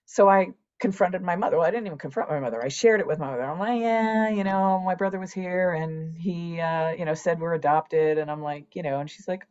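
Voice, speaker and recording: A lively woman in her sixties, slightly lo-fi sound. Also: fairly low pitch, brisk, few pauses. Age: 60s. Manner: animated storyteller, voices her own past dialogue. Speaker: podcast guest. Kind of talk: candid personal interview.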